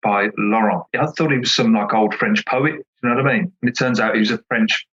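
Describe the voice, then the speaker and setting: Low-voiced man, dull lo-fi sound. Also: fairly even intonation, brisk, fairly bright tone. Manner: enthusiastic, rambling with many "you know" fillers. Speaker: author and podcast guest. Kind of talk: casual interview chat.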